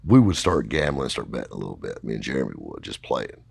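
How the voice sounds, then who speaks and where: A man's voice: a bass voice, sing-song, fast, vocal fry, husky. A middle-aged man telling a long story casually, rambling and folksy, with lots of fillers. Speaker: podcast host telling a story.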